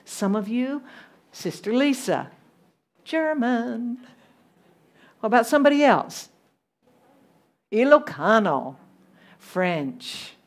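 A woman with a softened Southern American accent preaching a sermon to a congregation, animated and asking them questions. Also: on the high side, slow pace, pauses often. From Southern United States. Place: church congregation abroad.

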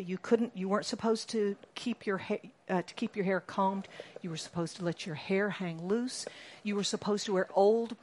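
A woman preaching a sermon to a congregation, animated and rising to sudden shouts for emphasis. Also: mid-range voice, slight background noise.

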